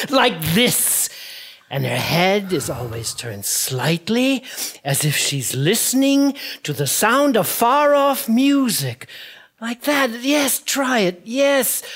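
A woman's voice: medium pitch, full character voice. A woman acting a tormented man who is obsessed with a lost love, speaking in short, bossy orders, on a theater stage. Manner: commanding, then faltering and stammering. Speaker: stage actor. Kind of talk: live stage play acting.

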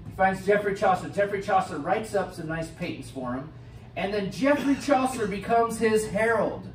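A man with an American accent, a pastor preaching a sermon with expressive swings from loud to hushed. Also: sits high, normal speed. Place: church sanctuary. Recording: roomy church sound from a distant mic, faint hiss.

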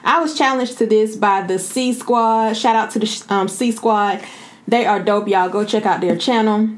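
A woman's voice: mid-range voice, fairly even intonation, normal speed. Woman doing a food challenge vlog, talks loose and chatty, jokey, calls everyone y'all. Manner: chatty, informal, often addresses viewers as y'all. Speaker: vlogger host. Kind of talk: casual chat to camera.

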